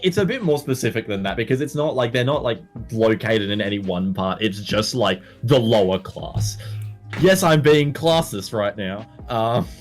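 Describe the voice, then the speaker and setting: A man's voice: on the low side, expressive, normal speed, faint music behind. Blunt Australian guy chatting. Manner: blunt, swearing, rambling with fillers. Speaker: podcast guest. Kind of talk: casual chat.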